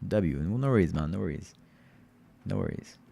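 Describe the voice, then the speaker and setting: A man's voice: low-pitched, lively intonation, normal speed, gravelly, warm tone, slightly rough. A man streaming live and chatting casually with his viewers, talking in a laid-back, rambling way and often addressing the chat directly.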